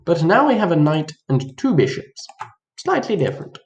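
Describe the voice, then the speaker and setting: A man's voice: on the high side, sing-song, moderate pace, gravelly. A man giving a casual chess lesson, playful and mock-dramatic, acting out both players' reactions. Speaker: chess teacher. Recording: roomy echo.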